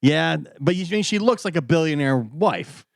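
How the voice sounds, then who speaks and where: A man's voice: fairly high pitch, animated, normal speed, creaky, no echo, studio quality. A man co-hosting a morning radio show, cracking jokes and laughing easily. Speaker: radio co-host.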